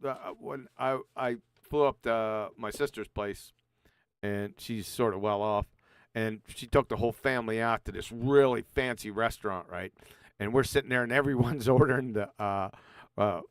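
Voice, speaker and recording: A man in a chatty mood tells a story in a smooth, resonant voice at a middle pitch. He often drops his voice low. The sound is dry and close. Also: moderate pace, no room sound. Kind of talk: casual chat on a live online panel.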